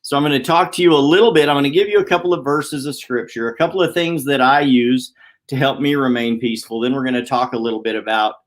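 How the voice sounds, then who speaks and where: A man hosting a weekly motivational live stream from a downtown office, talking fast and chatty. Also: medium pitch. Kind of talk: casual live-stream talk.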